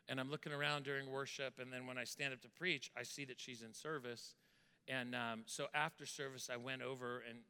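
A man's voice: mid-range voice, vocal fry, bright, forceful tone, clear, resonant tone. A man preaching as pastor, telling a church member's story in an earnest way and then praying over the congregation. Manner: earnest storytelling, repeats words when moved. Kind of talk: sermon with testimony and prayer. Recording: reverberant hall sound.

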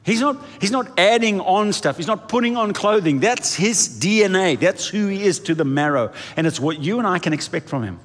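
Male pastor mid-sermon, lively and dramatic delivery acting out quotes, recorded with long church reverb. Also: moderate pace, few pauses. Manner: animated, acts out quoted voices, lively swings in pitch and volume. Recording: echoey hall reverb.

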